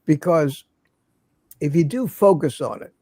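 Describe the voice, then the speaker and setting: A man's voice: fairly high pitch, lively intonation, measured pace, warm tone, husky, no echo. An older man hosting a livestream, telling rambling stories in casual chat and laughing at his own jokes. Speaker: livestream host.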